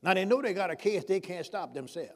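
A man's voice: high voice, lively intonation, a little fast, a little mellow. A male preacher delivering a sermon, prodding the congregation with call-and-response questions.

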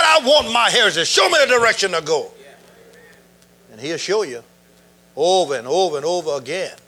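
Preacher, man, middle-aged, high bright voice, lively, laughing and shouting through the sermon.

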